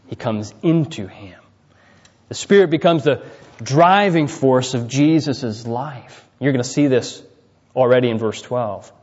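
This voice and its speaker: A man of middle pitch preaching a sermon in a large hall, with a long, ringing reverb behind every phrase. He often turns to his listeners with "right?" and swings between loud, emphatic peaks and quiet, falling endings. The recording sounds dull and slightly muffled. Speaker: pastor.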